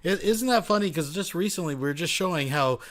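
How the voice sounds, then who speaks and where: Blunt, profane commentary host. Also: male voice, a little high, expressive, brisk, fairly bright tone. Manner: blunt, profane, addresses viewers as folks. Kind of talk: reaction commentary.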